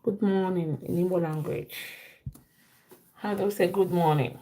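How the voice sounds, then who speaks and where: A woman teaching a live-stream language lesson, repeating each phrase slowly for learners. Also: lowish voice, warm tone.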